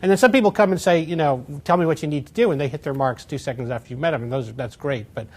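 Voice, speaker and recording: Fast-talking man, lively filmmaker. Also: a little high. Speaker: documentary filmmaker. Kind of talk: interview answers.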